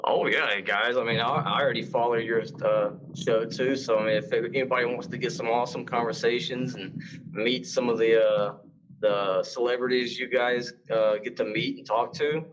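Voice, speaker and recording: Male author guest from Mississippi, halting and searching for words, mid-pitched voice, dull muffled audio. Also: steady tone, fairly bright tone. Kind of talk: casual podcast interview.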